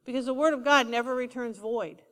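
Woman preacher, high voice, emphatic and repetitive, calls for amens, echoing church hall. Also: a little fast, fairly bright tone. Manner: emphatic, repeats key lines, asks the congregation for responses. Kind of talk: sermon.

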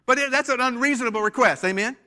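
American pastor, high voice, preaching with call-and-response and light joking. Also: male voice, racing, bright, forceful tone. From United States. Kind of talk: sermon. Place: church.

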